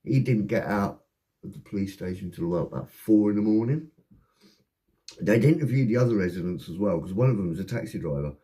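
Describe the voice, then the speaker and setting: A man telling a rambling, heavily sworn personal anecdote in a casual, animated way. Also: on the low side, brisk. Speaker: storyteller.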